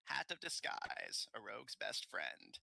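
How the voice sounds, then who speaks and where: A man voicing a sly alchemist who speaks slowly and teasingly. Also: lowish voice, wildly swooping pitch, gravelly, bright, forceful tone, slightly rough, dry recording, full character voice. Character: sly, smiling male alchemist dealmaker.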